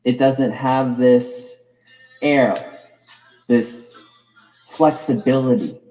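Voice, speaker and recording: Slow, mellow-voiced man lecturing. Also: mid-range voice, fairly even intonation, soft background music, poor audio. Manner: musing, digressive, dwells on word roots. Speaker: course lecturer. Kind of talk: reflective spoken lecture.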